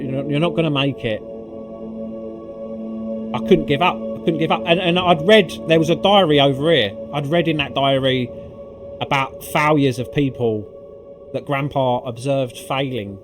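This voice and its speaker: A man recapping a video game climb in casual commentary, swearing often and full of fillers. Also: a little high. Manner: excitable and profane, swearing freely with lots of fillers. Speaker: gaming video creator. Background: background music.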